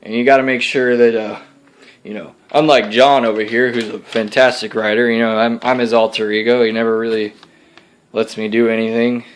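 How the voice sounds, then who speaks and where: A man's voice: medium pitch, little pitch movement, a little fast, a little hiss or hum, natural voice. A young man voicing his laid-back Texan alter ego, a slangy bro who drawls and lectures with "dude" and "bro". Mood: cocky. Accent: Texas. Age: young adult.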